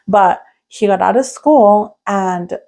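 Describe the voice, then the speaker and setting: Her voice is medium-pitched, warm and slow. She's a young podcast co-host telling a story in casual chat, rambling, dropping "like" constantly and restarting her sentences.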